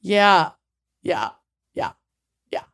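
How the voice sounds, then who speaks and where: Woman co-host, casual podcast chat, pitch leaps up and down, rambling, self-deprecating. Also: extremely slow, creaky. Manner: animated, chatty, self-deprecating, trails off and restarts.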